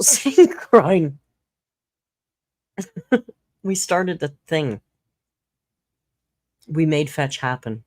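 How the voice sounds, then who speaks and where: A woman with a low, deep speaking voice hosts a casual livestream. She chats loosely, laughs often and reads viewer comments aloud as she goes. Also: a little mellow, no room sound, studio quality. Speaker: livestream host.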